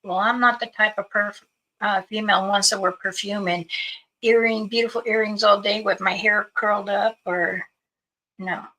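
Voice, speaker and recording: A woman's voice: medium pitch, steady tone, normal speed, sharp tone, poor audio. A woman hosting a livestream, chatting casually with viewers and telling stories in a loose, rambling way. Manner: chatty storytelling, greeting viewers. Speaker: livestream host.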